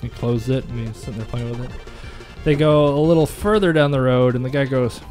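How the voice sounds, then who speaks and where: A man's voice: mid-range voice, brisk, darkish tone, faint music behind. A man co-hosting a casual gaming video, rambling through long jokes and laughing at his own punchlines. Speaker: let's play co-host.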